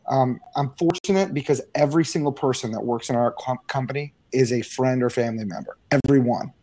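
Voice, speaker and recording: A middle-aged man talking casually as an interview guest, telling energetic stories with frequent fillers and restarts. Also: medium pitch, brisk, few pauses, dry recording. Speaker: guest, business owner.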